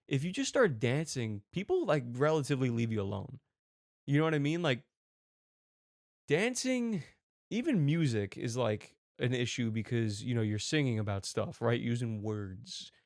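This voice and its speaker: Brief: animated male comic host, lively swings in pitch, dry close-mic sound. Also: no echo. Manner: excitable, animated, riffing. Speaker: comedy commentary host. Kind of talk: comic video reaction commentary.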